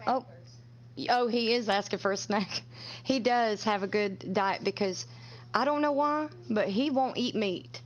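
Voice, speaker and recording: A woman's voice: mid-range voice, a little slow. A chatty woman talks over a headset on a casual live stream. She giggles often and keeps getting pulled off track mid-sentence. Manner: chatty, giggly, easily sidetracked.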